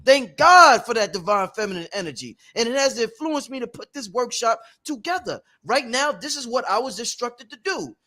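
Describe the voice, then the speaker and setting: A man with a very high-pitched, animated voice hosts a spiritual workshop, talking at normal speed with few pauses in a bright, forceful tone. He's emphatic and blunt, swearing plenty and repeating himself.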